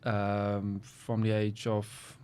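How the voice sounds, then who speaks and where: A man's voice: fairly low pitch, monotone, very slow, darkish tone, a little hiss or hum. A young man, a guest athlete talking casually and hesitantly with many ums. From South Africa. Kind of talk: casual interview chat.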